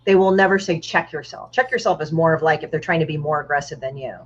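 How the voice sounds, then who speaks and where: A woman's voice: deep voice, fast. A woman, a guest comic artist, chatting casually and bluntly, swearing freely and acting out other people's lines. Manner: blunt, profane storyteller who acts out other people's lines. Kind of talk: casual podcast chat. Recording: dull, muffled lo-fi audio.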